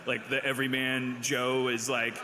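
A man's voice: medium pitch, level tone, moderate pace, sharp tone, a little hiss or hum. A man from Milwaukee hosting a live comedy podcast on a theater stage, rambling and mocking himself as he tells stories. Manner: rambling, self-mocking storytelling. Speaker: podcast host. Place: large theater stage before an audience. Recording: live theater with hall reverb.

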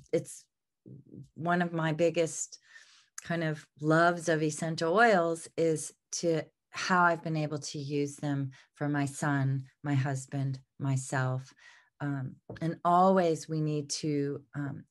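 Low-voiced woman teaching, congested. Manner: unscripted, many fillers and restarts. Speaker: aromatherapy teacher. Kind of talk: presenting slides in a lesson.

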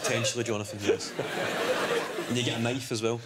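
A Scottish man in his twenties tells stories in a dry, deadpan way, his voice sitting in an ordinary middle pitch. Heavy noise sits under the studio recording. The audience laughs along. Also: brisk. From Scotland. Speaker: comedian guest. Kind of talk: chat show anecdotes. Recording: loud background noise.

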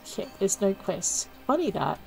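A woman's voice: mid-range voice, sing-song, normal speed, vocal fry, faint music behind, poor audio. A woman giving casual, self-mocking commentary while playing a video game, thinking aloud as she goes. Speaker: let's play gamer.

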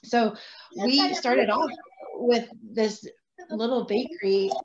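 A woman who owns a family restaurant, telling animated stories on a video-call panel. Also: a little high, takes it slowly, highs cut off. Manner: animated, chatty storytelling. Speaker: restaurant owner. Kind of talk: panel discussion.

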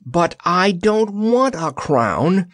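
A man's voice: high-pitched, big pitch swings, extremely slow, a bit bright, no room sound, studio quality, voice pushed up, heavily acted. A man voicing a spirited, plucky young woman in a storybook reading, with a lifted eager delivery.

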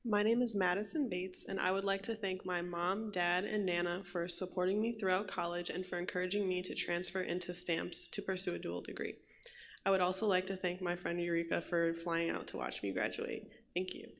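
A woman's voice: on the low side, flat delivery, a little fast, a little hiss or hum. A graduating student, a woman, reads a short, composed thank-you.

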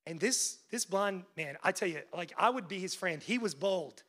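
High, bright-voiced male preacher. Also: expressive, normal speed. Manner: preaching that swings between loud urgent peaks and hushed lows; conversational asides with frequent "like" fillers. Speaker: pastor. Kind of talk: sermon.

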